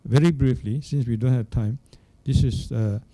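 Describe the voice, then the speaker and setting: Very dark-voiced older male monk teacher. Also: mid-range voice. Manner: unhurried, searching for words, checks in with "hmm?" and "yeah?". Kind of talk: dharma talk. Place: Buddhist centre hall.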